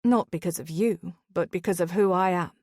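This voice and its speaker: A woman reading a romance audiobook, voicing a sincere young nobleman in a tender, slightly lowered voice. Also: moderate pace, a little mellow, dry recording, studio quality. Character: earnest devoted young nobleman, a reformed rogue.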